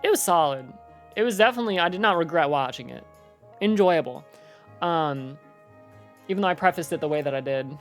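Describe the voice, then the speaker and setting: A young woman chats on a live stream in a slightly low voice, rambling in a loose, slangy way. She leans on filler words and casual asides to her audience. Faint music plays under her talk. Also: expressive, fairly quick, pauses often.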